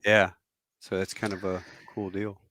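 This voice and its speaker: A man in his fifties, a podcast host and former Marine pilot, chats casually through rambling anecdotes, animatedly acting out the people he quotes. His voice sits low, his pace is measured, and the recording is dry.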